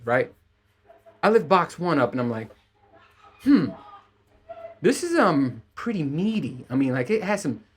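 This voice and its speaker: A young man hosting a podcast, ranting in a casual, profane, self-mocking way as he tells a story. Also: mid-range voice. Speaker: podcast host.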